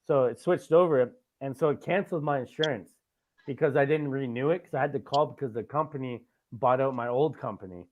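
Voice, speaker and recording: A man's voice: mid-range voice, brisk. A man hosting a podcast, telling a long story in a loose, rambling way, swearing often and tagging lines with "right?". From Canada. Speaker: podcast host. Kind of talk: casual podcast chat. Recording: tinny phone-like audio.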